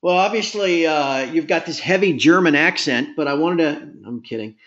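A man's voice: on the high side, normal speed, dull audio. A man hosting a podcast interview, asking friendly questions and cracking jokes. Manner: friendly, joking, relaxed questions. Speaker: podcast host.

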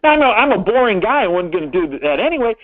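A man's voice: sits high, very animated, fast, no room sound. An older man telling stories as a guest in an interview, rambling and emphatic with many restarts. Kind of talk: phone-in interview storytelling. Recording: tinny phone line.

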